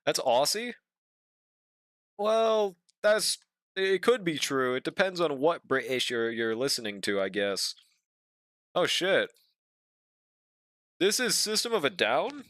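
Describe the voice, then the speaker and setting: Chill young guy streaming his drawing, swears a lot, smooth voice, dry close mic. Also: a little high, sing-song, slow pace, pauses often, a bit bright, dry recording. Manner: laid-back, swears often, talks to chat. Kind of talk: casual stream chat while drawing.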